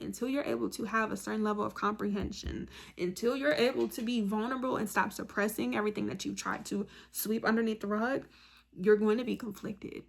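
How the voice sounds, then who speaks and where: A woman's voice: a little high, a bit bright. A woman talking straight to her viewers with motivational advice, earnest and direct, counting off her points one by one. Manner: repeats phrases for emphasis, says "like" often. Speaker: self-help video host. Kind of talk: motivational monologue to camera.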